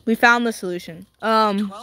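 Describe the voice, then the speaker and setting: A woman chatting casually while playing a game, rambling with lots of "like" and quick restarts, often giggling. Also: medium pitch, fairly even intonation, sharp tone. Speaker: gaming video creator.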